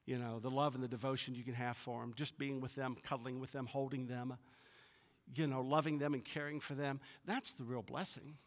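A man's voice: medium pitch, level tone, a little fast. Man preaching in a reverberant hall. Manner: preaching with rising emphasis, then dropping soft. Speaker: pastor. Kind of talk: sermon. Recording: long reverb of a large hall.

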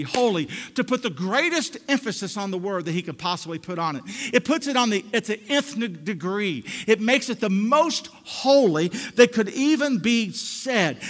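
Male pastor preaching, high voice, dynamic swings from hush to loud, church reverb. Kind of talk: sermon. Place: church sanctuary.

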